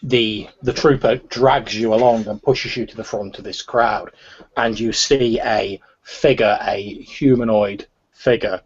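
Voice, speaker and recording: A man's voice: fairly low pitch, fairly even intonation, unhurried, husky, lo-fi sound. A man narrating a tabletop role-playing game as game master, with frequent restarts. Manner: hesitant, many restarts.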